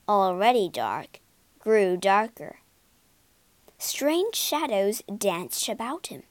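A woman reading a children's storybook aloud, expressive and unhurried. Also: a little high, no echo. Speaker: storybook narrator.

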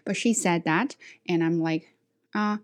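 A woman who speaks English as a second language, her first being Chinese, telling stories from her work as an ESL teacher in a frank, self-assured way and acting out quotes with a raised voice. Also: measured pace. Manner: animated, acts out quotes with high voices. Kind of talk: casual storytelling.

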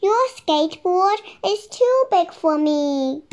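A woman playing a small squeaky teddy bear cub. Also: animated, slow, exaggerated voice. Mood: refusing. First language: Chinese. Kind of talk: storybook reading.

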